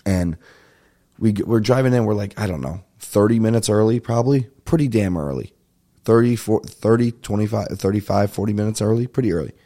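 A man's voice: fairly low pitch, brisk, dark tone. A young adult man casually telling a comic story on a podcast, ranting with lots of swearing and acting out the people he argued with. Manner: profane, ranting, acts out phone calls. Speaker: podcast host.

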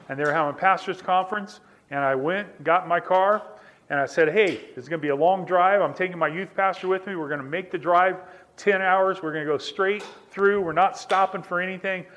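High-voiced pastor telling a sermon story. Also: male voice, fairly bright tone. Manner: repetitive, building emphasis through restated phrases; conversational, addresses listeners directly.

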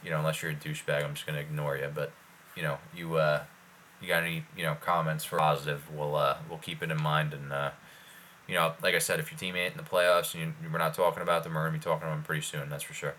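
A man's voice: extremely low pitch, flat delivery, fast, sharp tone, slight background noise. A man co-hosting a casual sports podcast, rambling with lots of fillers. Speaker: podcast co-host.

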